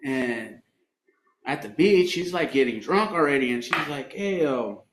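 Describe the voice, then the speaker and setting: A man's voice: medium pitch, lively intonation, a little slow. A man in a recovery program sharing his story at a meeting, swearing and laughing as he tells it. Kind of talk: candid share at a recovery meeting. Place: meeting room. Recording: echoey room, faint background noise.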